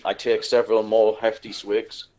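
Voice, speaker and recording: A man's voice: lowish voice, level tone, moderate pace, a little mellow. An older man playing a tabletop game, describing his character's moves crudely and with lots of swearing. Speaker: player. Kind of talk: casual tabletop play.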